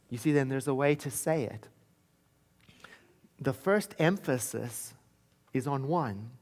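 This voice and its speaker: A man from South Africa giving a sermon in a church, telling a personal story in a conversational way and slowing into soft, chanted affirmations. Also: a little high. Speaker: minister. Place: church sanctuary.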